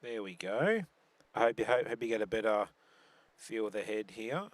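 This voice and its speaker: A man's voice: lowish voice, moderate pace, no echo. A man commentating a bowls live stream, chatty and joking, with many restarts.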